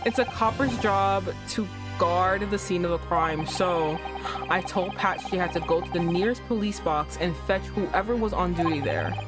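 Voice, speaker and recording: A woman voicing a remorseful young male police constable, reading game dialogue aloud in a halting, apologetic way. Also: on the low side, over music, voice pushed down, lightly acted. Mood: distraught. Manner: halting, pleading, apologetic confession.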